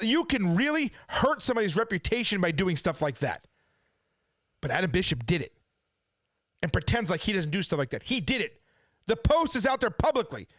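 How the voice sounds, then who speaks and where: A man's voice: sits high, fairly bright tone, dry recording, studio quality. A man at home in his kitchen, ranting indignantly in casual commentary, firing off rhetorical questions. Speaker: preacher and channel host.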